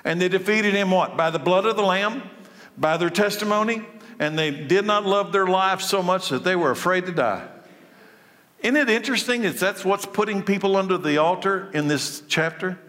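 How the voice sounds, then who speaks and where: Preacher in a reverberant hall. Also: male voice, high-pitched, normal speed. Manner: lively preaching, swings from loud to soft. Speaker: pastor. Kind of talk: sermon.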